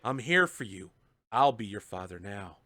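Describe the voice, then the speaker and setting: A man's voice: lowish voice, expressive, moderate pace, bright, forceful tone, no room sound, voice pushed down. A man voicing a big, fatherly warrior who comforts a younger man through tears. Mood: consoling.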